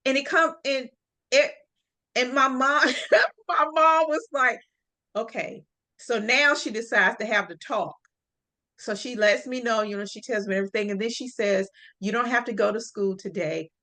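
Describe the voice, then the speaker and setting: Bright-voiced woman telling a story. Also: on the high side, normal speed. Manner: animated, acts out quoted voices, laughs often. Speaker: podcast host sharing a personal story. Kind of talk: casual storytelling chat.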